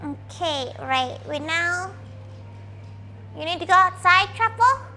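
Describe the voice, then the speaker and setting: Girl streamer, super high voice, slow and chatty, cooks and yells at her dog. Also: a little hiss or hum. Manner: talks about herself in the third person, playful and crude. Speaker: VTuber streamer. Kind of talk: casual cooking stream chat.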